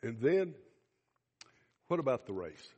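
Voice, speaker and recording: This preacher, with a mid-range voice at a measured pace, addresses his congregation animatedly, questioning them and performing bits of dialogue. The sound is lo-fi and carries a long hall reverb.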